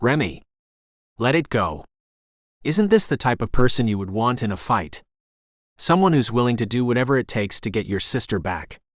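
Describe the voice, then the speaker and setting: A male audiobook narrator voicing a blunt, bossy young woman who keeps trying to break up a fight, with a sharp and impatient delivery. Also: medium pitch, big pitch swings, moderate pace, no room sound, studio quality, natural voice. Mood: urging. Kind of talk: audiobook character voice.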